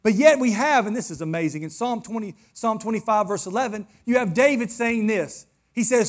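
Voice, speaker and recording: High-voiced preaching pastor. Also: male voice, expressive, normal speed. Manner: preaching, rising to fervent emphasis. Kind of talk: sermon. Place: church in front of a congregation.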